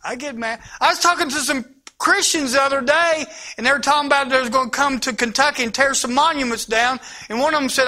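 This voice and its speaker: Guy preaching, real high bright voice, gets loud then drops to a near whisper. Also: quick pace. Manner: impassioned preaching that swings from loud to hushed. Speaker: pastor. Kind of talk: sermon.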